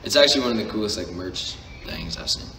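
A man's voice: on the low side, expressive, fast, vocal fry, bright, forceful tone, slight background noise. A young man joking and teasing his way through a casual live-stream chat from a bedroom. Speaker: social media creator. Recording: roomy echo, distant mic, music behind.

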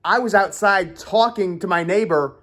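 Man, somewhat high voice, casual vlog, rambling, self-mocking, sweating, home office. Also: moderate pace, fairly bright tone. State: sweating from the heat. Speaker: vlogger. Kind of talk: casual vlog talk to camera. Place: his home office, indoors.

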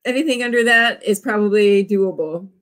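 This author in her forties hosts a writing sprint livestream, casual and bubbly, often cheering on viewers with whoops. She talks at a normal speed in a mid-range, slightly bright voice.

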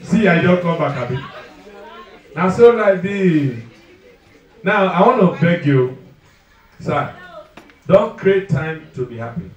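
A Nigerian man working a live crowd with loud, teasing stand-up in a fairly high voice. His mic sounds far off in a very echoey venue, with a crowd laughing all around. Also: lively intonation, slow pace, pauses often, dull audio. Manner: loud, teasing, talks straight to the crowd in pidgin. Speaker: stand-up comedian. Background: audience laughing.

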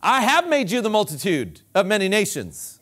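High-voiced, lively preaching pastor. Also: male voice, normal speed. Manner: emphatic preaching with repeated phrases. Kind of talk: sermon.

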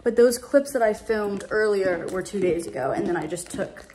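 A woman's voice: medium pitch, normal speed, dark tone, slight background noise. Young woman vlogger, mid-range voice, casual rambling chat, echoey apartment room. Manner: chatty, rambling, lots of "like". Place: her apartment. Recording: roomy echo.

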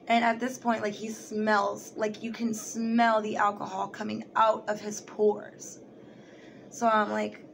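A young woman tells a personal story straight to the camera in a loose, casual way. She is animated, swears freely and slips into other people's voices as she recounts what they said. Faint background noise sits under her voice. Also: medium pitch, a little slow, creaky. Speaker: vlogger.

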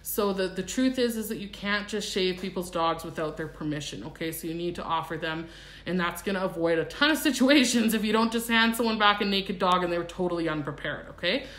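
A woman, a pet groomer, hosting a live stream in a brisk, matter-of-fact way. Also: on the low side, animated, a bit bright. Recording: roomy echo.

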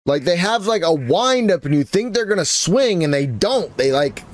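A man's voice: big pitch swings, normal speed, a little hiss or hum. A man commentating his own gameplay, taunting enemies and his voice shooting up when frustrated. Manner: trash-talks enemies, voice jumping high when frustrated. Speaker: gaming YouTuber. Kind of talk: let's play commentary. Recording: game sounds behind voice.

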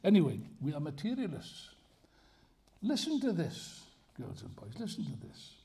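Gravelly older man lecturing with wry humor. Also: fairly high pitch, wildly swooping pitch, normal speed, mellow. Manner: humorous, digressive, emphatic. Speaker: speaker at a political festival. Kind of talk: live lecture to an audience.

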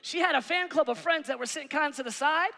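A male pastor preaching a sermon, animated, swinging between shouts and hushed asides on a church stage. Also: very high-pitched, fast, gravelly. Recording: reverberant church hall.

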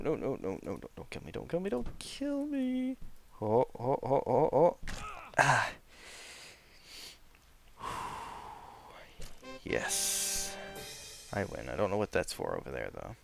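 A man narrating his own game playthrough as a let's play host, excitable, yelping and laughing at what happens on screen. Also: mid-range voice, slow pace, gravelly, pauses often, slight background noise. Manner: excitable, yelps and laughs at the action. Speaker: gaming channel host.

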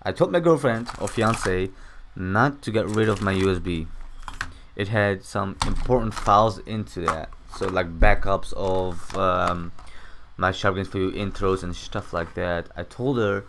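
A man's voice: deep voice, unhurried, vocal fry, a bit bright, a little hiss or hum. A young man casually talking through a game tutorial at home, rambling and swearing often. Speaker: gaming channel host. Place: home room.

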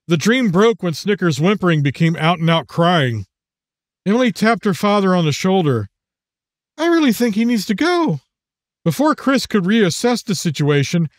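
A man narrating his own audiobook in a measured, even storytelling manner. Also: high-pitched, dry recording, clean studio sound.

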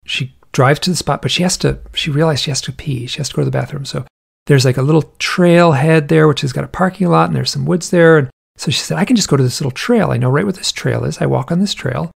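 A man's voice: fairly high pitch, fast talker, vocal fry, husky. A man telling a long story in casual conversation, acting out the people in it. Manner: animated storyteller, acts out quoted people in a raised voice. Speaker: podcast guest.

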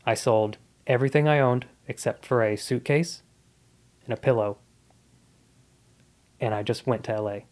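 A man's voice: medium pitch, normal speed, long pauses, darkish tone. A man in his thirties, a comedian guest on a podcast, telling his life story in a casual, earnest and reflective way.

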